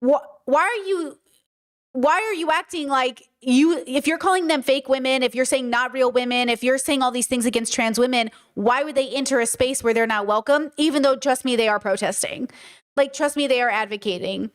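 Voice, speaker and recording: A woman's voice: high voice, moderate pace. Outspoken woman streamer, emphatic and profane. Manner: emphatic and repetitive, frequent "like" and swearing. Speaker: streamer and podcast host. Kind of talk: casual commentary on a livestream.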